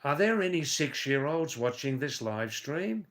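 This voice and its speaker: A man hosting a live stream, reading out viewers' chat comments and answering them in a slow, rambling way with dry teasing asides. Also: on the high side, sing-song, fairly bright tone. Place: Nepal or India.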